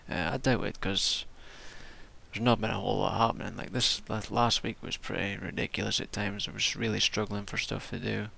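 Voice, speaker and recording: A man's voice: fairly low pitch, fairly even intonation, brisk, gravelly, bright, forceful tone. A tired man rambling casually through a wrestling show review, swearing and restarting his sentences. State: tired from staying up all night.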